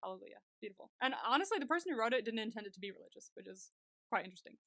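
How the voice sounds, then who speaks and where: A woman's voice: a little high, expressive, rapid-fire, pushed and bright, no echo, clean studio sound. A young woman co-hosting a podcast, chatting casually and gushingly while recapping a TV episode, saying "like" a lot. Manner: gushing, chatty, heavy use of "like". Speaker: podcast co-host.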